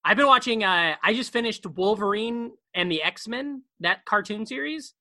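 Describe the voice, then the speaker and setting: A man's voice: high-pitched, lively intonation, sharp tone, no room sound. A man co-hosting a podcast from his bedroom, rambling and joking in casual chat, often repeating words. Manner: rambling, jokey, talks fast and repeats words. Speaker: podcast co-host. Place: bedroom at home.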